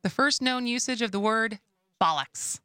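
A chatty woman with a Wisconsin accent co-hosts a radio talk show, loose and playful, laughing easily. Her voice is bright and forward. The studio sound is dry and close. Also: mid-range voice, expressive, normal speed, no room sound. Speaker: radio co-host. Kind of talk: casual radio chat.

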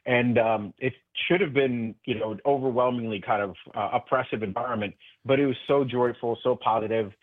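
A man's voice: medium pitch, fairly even intonation, brisk, dry recording. A man speaking as a guest in a radio interview by phone, passionate and earnest, with many restarts. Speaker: political guest. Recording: tinny phone line.

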